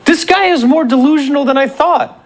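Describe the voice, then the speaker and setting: A man's voice: very high voice, a little fast. A man delivering a fiery political opinion monologue, combative and rhetorical, hammering phrases through repetition. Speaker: political commentator.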